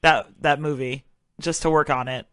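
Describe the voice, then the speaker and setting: A man co-hosting a podcast, tossing in quick joking asides. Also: fairly high pitch, fairly even intonation, bright, forceful tone, clean tone, no room sound. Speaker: podcast co-host. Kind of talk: casual chat.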